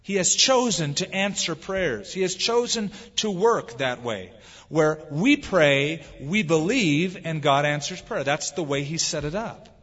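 A man's voice: on the high side, lively intonation, measured pace, a bit bright, husky. A man preaching a sermon as a pastor, stretching out the words he stresses. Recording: dull lo-fi with long hall reverb.

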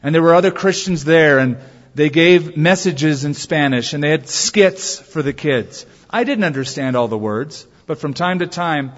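A man's voice: a little high, lively intonation. Man preaching in a reverberant hall. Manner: storytelling, drawn-out emphatic phrases. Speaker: pastor. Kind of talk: sermon. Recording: dull sound in a reverberant hall.

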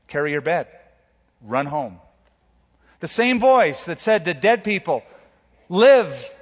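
A man, a pastor, preaching a sermon with dramatic swings between loud and soft. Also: a little high. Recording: dull sound with long hall reverb.

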